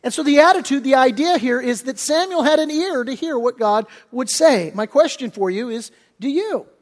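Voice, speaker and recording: A man's voice: very high-pitched, expressive, moderate pace, big-room sound. A man preaching a sermon as pastor, earnest and repeating key phrases, often restarting his sentences.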